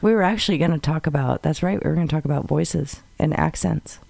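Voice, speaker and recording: A man's voice: a little high, fast, creaky, a little mellow, dry recording. A man co-hosting a podcast, chatting casually and laughing often. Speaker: podcast co-host. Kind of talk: casual chat.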